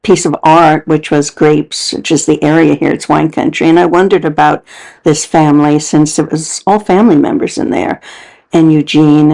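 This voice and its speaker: Female host, slightly low pitch, earnest and reflective voice-over narrator. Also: creaky, mellow, low-quality recording. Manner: earnest, contemplative. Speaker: paranormal investigator host.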